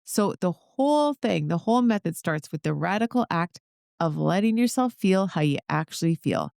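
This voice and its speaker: A woman's voice: on the low side, animated, normal speed, vocal fry, a little mellow, clear, resonant tone, dry recording, studio quality. A woman hosting her own podcast, talking straight to her listeners in an upbeat, encouraging way. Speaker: podcast host. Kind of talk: solo motivational podcast talk.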